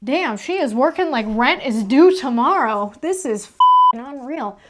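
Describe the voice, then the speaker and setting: Standing in her home's hallway, a young woman in a high voice recounts her renovation project at a measured pace. Her storytelling is casual, sassy, and profane, lively with acted-out quotes.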